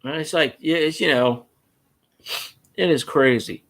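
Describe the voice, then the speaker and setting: A man's voice: a little high, unhurried. A man hosting a casual solo fan chat, rambling and swearing as he tells stories about arguing with rival fans. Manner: profane, rambling, animated storytelling. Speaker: fan show host.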